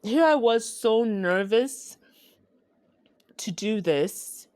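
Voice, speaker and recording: A woman from Ghana hosting her own podcast, talking in a slow, heartfelt, reflective way. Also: fairly high pitch, lively intonation, darkish tone, dry recording. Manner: slow, heartfelt, with sighs and laughs. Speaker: podcast host. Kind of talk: reflective solo podcast talk.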